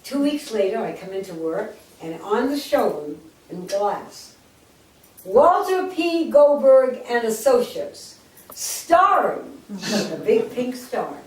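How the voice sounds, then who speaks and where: Older woman in her 80s spinning lively, jokey stories for an audience, recorded from a distance in a very echoey hall. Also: a little high, takes it slowly. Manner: lively, jokey storyteller, acts out quotes. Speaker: speaker telling her life story. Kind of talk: storytelling talk to a live audience. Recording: echoey room, distant mic.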